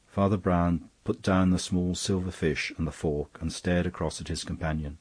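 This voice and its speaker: A man reading a story aloud as an audiobook narrator, in a measured, even way. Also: very deep voice, breathy edge, dry recording. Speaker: audiobook reader. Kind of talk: scripted narration.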